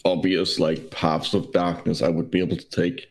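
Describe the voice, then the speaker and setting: A man's voice: low-pitched, level tone, normal speed, low-quality recording. A man playing a tabletop game, asking casual questions full of likes. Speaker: player.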